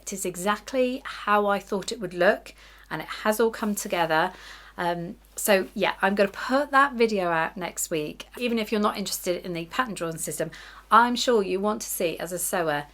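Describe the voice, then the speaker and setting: A woman's voice: medium pitch, fairly bright tone. A middle-aged woman chatting casually to camera about her sewing week, chatty and self-deprecating, often giggling. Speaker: sewing vlogger.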